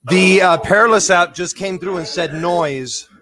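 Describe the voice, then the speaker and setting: A man's voice: sits high, normal speed, crowd noise. A man doing a paranormal spirit box session, calling out questions to spirits and reporting what the apps say. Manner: hushed questions to spirits, bursts of excited shouting. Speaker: paranormal investigator.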